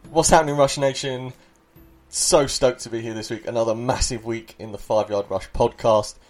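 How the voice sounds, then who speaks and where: A man hosting a fantasy football podcast, upbeat and excitable in casual chat. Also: lowish voice, moderate pace, faint music behind. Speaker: podcast host.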